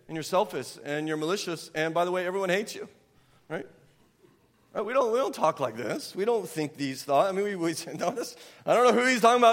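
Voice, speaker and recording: A man preaching a sermon to his congregation, animated, breaking into loud mock outrage when he quotes people. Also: mid-range voice. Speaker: pastor. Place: church sanctuary. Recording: long hall reverb.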